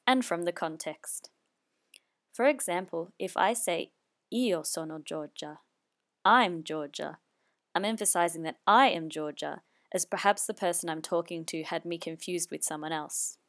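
A woman teaching a language lesson, explaining patiently and repeating each phrase twice. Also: on the low side. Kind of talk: slow spoken language lesson.

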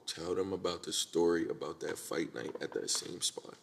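A young man co-hosting a podcast, chatting casually in a laid-back way, full of slang and quick reactions. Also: low voice, creaky, in a large hall. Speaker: podcast co-host. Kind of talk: casual chat.

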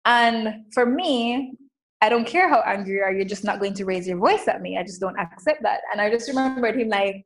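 A woman coach speaks in an emphatic, animated way during a casual interview. Her voice sits fairly high, and she often fills her talk with "like". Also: a little fast, low-quality recording. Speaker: coach and guest.

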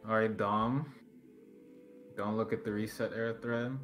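Lower-voiced man in laid-back chat. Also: fairly even intonation, measured pace, a bit bright. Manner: laid-back, joking, profane. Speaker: podcast co-host. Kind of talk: casual gaming chat.

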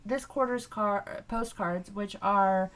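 A woman's voice: mid-range voice, slow pace, a bit bright. A young woman co-hosting a podcast in casual chat, laughing often and swearing freely. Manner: laughs often, loose and profane. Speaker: podcast co-host.

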